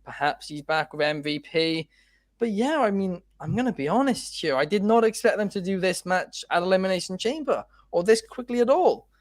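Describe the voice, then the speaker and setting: A man's voice: high-pitched, lively intonation, normal speed, no room sound. A man co-hosting a casual wrestling chat show, talking in a loose way with plenty of fillers and restarts. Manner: chatty, frequent fillers and restarts. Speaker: podcast co-host.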